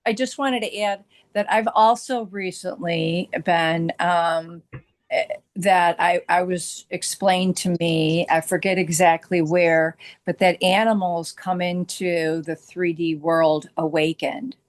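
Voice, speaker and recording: A woman's voice: fairly low pitch, steady tone, slow pace. A woman on a video call, adding a point hesitantly and apologizing as she chimes in. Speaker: meditation group participant. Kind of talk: casual chat on Zoom.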